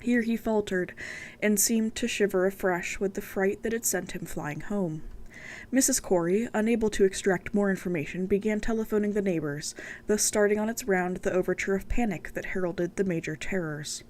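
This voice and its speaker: A woman reading a classic story aloud, at a middle pitch. Her reading is careful and measured, with pauses between phrases. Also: a little mellow. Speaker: channel host reading aloud.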